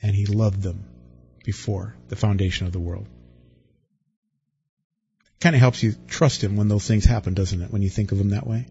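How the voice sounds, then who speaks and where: A man preaching a sermon, lively and dramatic, acting out the people he quotes with big swings in his voice. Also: on the low side, normal speed, creaky, long pauses, lo-fi sound, faint music behind. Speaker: pastor.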